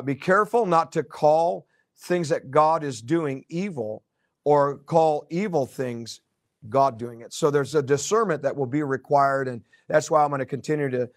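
A male pastor delivers a prophetic sermon in a loose, conversational way, full of ums and doubled words, with playful asides to his listeners. His voice sits slightly higher than most men's. The sound is dry and close, with no room around it. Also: dry recording. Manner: conversational with fillers and repeated words, joking asides.

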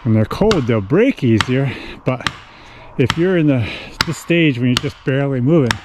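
A man hosting his show while logging in the winter woods, explaining in a plain, folksy, unhurried way. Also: mid-range voice. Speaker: host, horse logger. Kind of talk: casual explaining while working. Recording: loud outdoor work noise, wedge tapping. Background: hammering and chopping.

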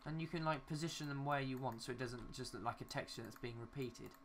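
A man's voice: mid-range voice, quick pace, a bit bright, slight background noise. A young man giving casual, rambling commentary while building in a city game, talking to himself and swearing mildly at glitches. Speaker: gaming YouTuber.

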